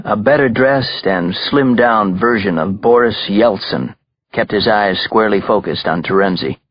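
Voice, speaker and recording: A male audiobook narrator with a very low, husky voice reads in measured, even narration. The recording is close and dry, with a dull, slightly muffled top end. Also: no echo. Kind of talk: scripted narration.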